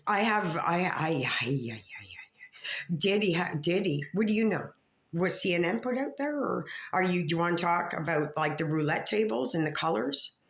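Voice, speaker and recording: A confrontational woman vlogger rants at the camera, swearing freely and tripping over her own restarts. Her voice sits a little low for a woman, and it drops into mutters before it jumps up sharply. The room around her is bare and echoey. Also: animated, normal speed. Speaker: vlogger calling out other creators. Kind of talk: rambling profane rant to camera.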